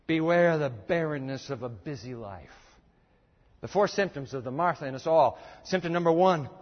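A man's voice: fairly high pitch, lively intonation, normal speed. A man preaching a sermon, emphatic, repeating his points and telling listeners to jot them down. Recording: echoey dull lo-fi hall recording.

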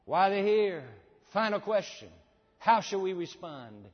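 A male pastor preaching a sermon. His delivery swings dramatically between booming and hushed, and he asks the congregation rhetorical questions. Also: very animated, a little slow. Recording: long hall reverb, dull sound.

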